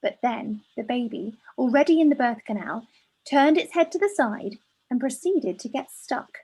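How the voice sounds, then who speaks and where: Husky chatty woman host. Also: fairly high pitch, lively intonation, moderate pace. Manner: warm, laughing often, chatty. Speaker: podcast co-host. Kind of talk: casual chat, reading a listener letter aloud.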